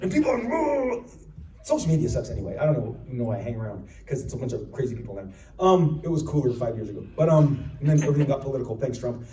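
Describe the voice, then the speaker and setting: A man in his fifties, a panel guest at a convention, telling stories in an animated and sarcastic way. He was recorded from the audience in a large hall. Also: medium pitch, racing, hardly any pauses. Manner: animated, sarcastic, jumps into voices. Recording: echoey hall from far off.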